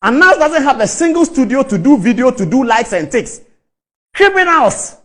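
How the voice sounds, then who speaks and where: A man's voice: very high voice, sing-song, a little fast, noisy background. A middle-aged man with a Ghanaian English accent gives a fiery, rhetorical speech about football, repeating phrases for emphasis. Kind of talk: impassioned public speech.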